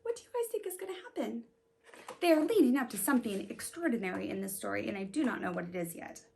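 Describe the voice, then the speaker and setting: A woman reading a children's picture book aloud in an animated, sing-song way, stopping to ask her young listeners questions. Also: fairly high pitch, quick pace, creaky, slight background noise. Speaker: storybook reader.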